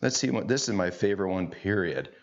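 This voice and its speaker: A man's voice: deep voice, lively intonation, fairly quick. A middle-aged man teaching golf, chatty and folksy with joking asides. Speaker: golf instructor. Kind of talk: on-course instruction. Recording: dull lo-fi sound.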